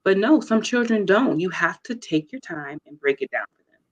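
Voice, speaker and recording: A woman's voice: mid-range voice, animated, normal speed, lo-fi sound. A woman guest sharing a heartfelt personal testimony as a mother, speaking in an earnest way. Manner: earnest, heartfelt, warm storytelling. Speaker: guest, mother of children with special needs. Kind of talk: personal testimony in a talk show interview.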